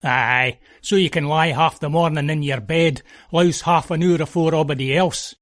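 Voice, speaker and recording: A man with a Scottish accent voicing a crabbit, ill-natured male farm horseman who talks gruffly and sneers. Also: a little high, steady tone, normal speed, a bit bright, no echo, clean studio sound, close to an everyday voice. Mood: sneering.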